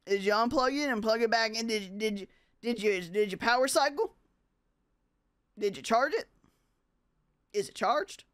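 A woman's voice: on the high side, animated, moderate pace, pauses often, dry recording, studio quality, voice pushed down, natural voice. A woman streamer putting on the voice of a folksy man with a put-on American country accent, drawling and repeating himself.

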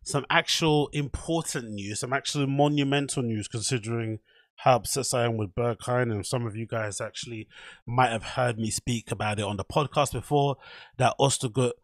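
A man's voice: mid-range voice, normal speed, dry recording, clean studio sound. A man with a British accent hosting a casual solo podcast, talking in a joking, self-mocking way with sarcastic asides. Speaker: podcast host.

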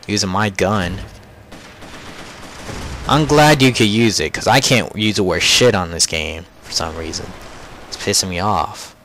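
Over game gunfire and slight background noise, a young man comments live on his own online shooter matches in an expressive, mid-range, slightly bright voice at normal speed. Frustrated, he curses and ridicules the other players.

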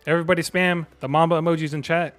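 Excitable young male game streamer. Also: fairly high pitch, very fast, faint music behind. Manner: excitable, slangy, bursts into yelling. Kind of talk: live game-stream commentary.

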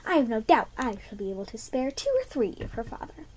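A woman voicing a bold, strong young daughter in a read-aloud storybook, speaking briskly and confidently. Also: fairly high pitch, huge pitch swings, a little mellow, husky, exaggerated voice.

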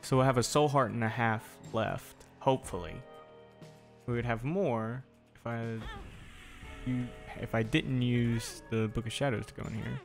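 A man's voice: medium pitch, measured pace, gravelly. Young man, casual gameplay commentary, talks to the screen, faint game music underneath. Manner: chatty, talks to the game and enemies. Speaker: gaming video creator.

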